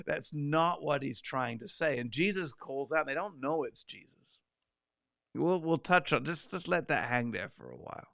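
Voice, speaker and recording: A man leading a conversational Bible study. He is animated and breaks into quoted lines and side remarks. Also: fairly high pitch, normal speed, gravelly, no room sound, studio quality.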